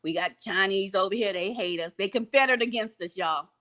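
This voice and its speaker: A woman giving animated commentary on a news clip, preaching with rhetorical questions at her listeners. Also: mid-range voice, fairly quick. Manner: preachy, rhetorical questions, laughs, slips into voices. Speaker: commentator reacting to a press clip.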